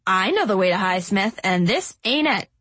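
A sly homeless street woman, as a woman narrator puts her on in an audiobook, drawing out her words in a slow, husky, chiding drawl. The voice has a breathy edge and sits close and dry on the mic. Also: mid-range voice, sing-song, fairly bright tone, no echo. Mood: wheedling. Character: scheming older homeless street woman, cunning and cackling.

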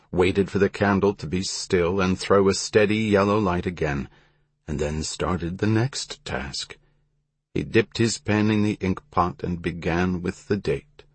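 A man reading a historical story aloud in measured, even scripted narration. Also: sits low, breathy edge, no echo.

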